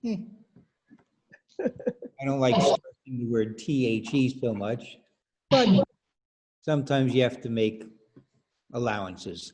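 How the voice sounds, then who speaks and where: A man's voice: mid-range voice, expressive, slow pace, long pauses, a little mellow. A man teaching rhythm as a choral director in an online workshop, patiently explaining and counting beats aloud over a video call.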